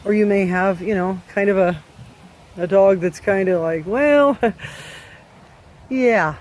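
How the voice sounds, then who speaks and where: A man's voice: high-pitched, fairly even intonation, measured pace, a little mellow. A man giving dog owners blunt training advice, emphatic and scolding, with many rhetorical questions.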